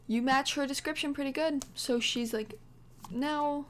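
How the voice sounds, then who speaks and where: A young woman casually narrating her life-simulation game story, chatty and excitable with many fillers and little gasps. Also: on the high side, measured pace, a little hiss or hum. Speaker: Sims gameplay vlogger.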